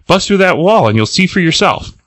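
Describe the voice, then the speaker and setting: A man's voice: high-pitched, big pitch swings, fairly quick, fairly bright tone, no room sound, voice pushed up. A man voicing a reckless young woman with explosive powers, cocky and impatient.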